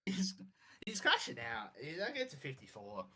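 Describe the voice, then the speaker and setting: A man's voice: on the high side, moderate pace, crowd noise. A man co-hosting a casual wrestling game commentary with lots of fillers. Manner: animated, filler-heavy chat. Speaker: co-host.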